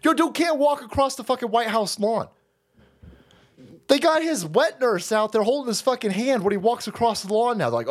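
Very high-pitched and lively in intonation, a man speaks at normal speed while hosting a stream. He rambles through a crude, profane political rant, mocking, laughing at his own jokes, and trailing off into muttered asides.

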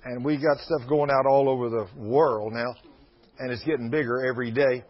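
A man's voice: medium pitch, steady tone, normal speed. A man in his sixties preaching to a congregation, folksy and emphatic, slipping into fervent prayer. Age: 60s. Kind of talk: sermon. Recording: dull lo-fi recording.

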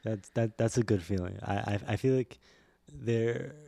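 A man hosting a podcast in relaxed casual chat, often restarting his sentences. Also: fairly low pitch, normal speed, creaky, no room sound. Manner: laid-back, hesitant restarts, frequent backchannel. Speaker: podcast host.

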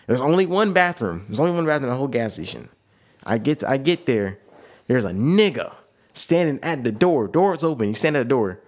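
On a laid-back podcast he co-hosts, a young man rambles through a story, slangy and animated, circling back to the same phrases. He has a mid-range voice and talks fairly quickly.

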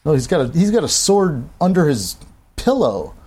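A man's voice: a little high, big pitch swings, normal speed, darkish tone, slightly rough. A man co-hosting a casual book podcast, joking around in a laid-back way and laughing often. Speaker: podcast co-host. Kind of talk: casual book-discussion chat.

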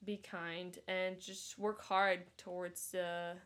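A young woman co-hosting a podcast in casual chat, speaking in a relaxed way with lots of fillers. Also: lowish voice, takes it slowly. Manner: relaxed, lots of "like", quotes herself. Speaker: podcast co-host.

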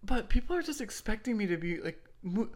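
A woman's voice: mid-range voice, sing-song, fairly quick, darkish tone. A young woman co-hosting a casual chat show, chatty, laughing often and filling her talk with "like". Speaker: podcast co-host.

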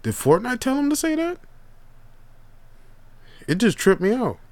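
A man's voice: extremely high pitch, unhurried, dry recording. Laid-back young man telling stories. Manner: profane, animated, laid-back slang. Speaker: podcast host. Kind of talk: casual storytelling monologue.

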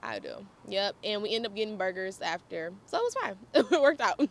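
Animated young woman telling a story. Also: medium pitch, a little fast, gravelly, slight background noise. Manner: animated, laughs often, chatty asides to viewers. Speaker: vlogger. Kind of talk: casual storytelling.

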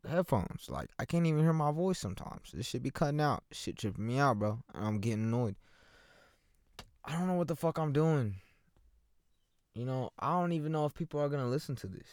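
A young man from Oklahoma, USA, hosts a solo chat podcast, talking by himself into a microphone with headphones while parked in his car, loose, rambling, and profane. His voice sits in the mid-range with a somewhat dark tone, and the recording is dry and studio quality.

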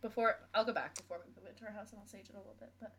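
A woman's voice: medium pitch, fairly even intonation, rapid-fire, slightly rough. A young woman co-hosting a podcast in casual chat, blunt and teasing, with plenty of swearing. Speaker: podcast co-host.

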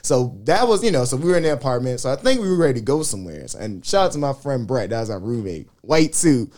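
A young man in his twenties, co-hosting a podcast and telling animated, profane stories. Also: medium pitch, fast. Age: 20s. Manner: animated, profane storytelling with loud quoted outbursts. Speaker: podcast co-host. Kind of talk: casual storytelling chat.

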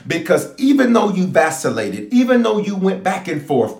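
A man's voice: sits high, big pitch swings, moderate pace, darkish tone, roomy sound. A man, a bishop, leading a livestreamed prayer sermon. He talks straight to his online viewers, asks them to type and wave, and repeats key phrases for emphasis.

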